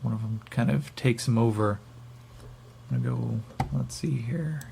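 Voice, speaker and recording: A man with a gravelly voice narrating as game master, rambling with many fillers. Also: medium pitch, moderate pace, dark tone, slight background noise.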